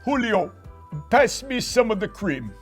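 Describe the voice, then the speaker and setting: A man voicing a cheerful young male puppet who tells a cooking story in a chatty, excitable way for a children's puppet show. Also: high-pitched, a little slow, slightly rough, soft background music, full character voice. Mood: excited storytelling.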